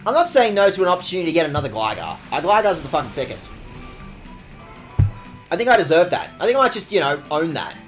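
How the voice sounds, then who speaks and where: Animated, expressive young man streaming a game. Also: fairly high pitch, quick pace, soft background music. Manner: expressive, mock-outraged, swears a lot, reads game text aloud. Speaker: streamer playing a video game. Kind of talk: casual let's-play commentary.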